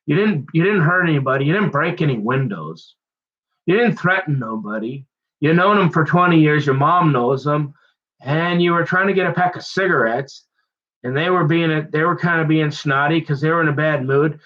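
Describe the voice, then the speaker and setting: A man's voice: fairly high pitch, lively intonation, normal speed. A man, rambling through a casual monologue with folksy slang, often restarting his sentences. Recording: dull lo-fi sound.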